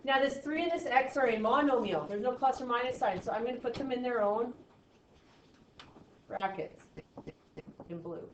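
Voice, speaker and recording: Woman math teacher, higher voice, playful and wry, captured from across an echoey room on dull audio. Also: moderate pace, long pauses, distant mic, slight background noise. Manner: playful, sarcastic asides to students. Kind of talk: classroom lecture. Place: classroom.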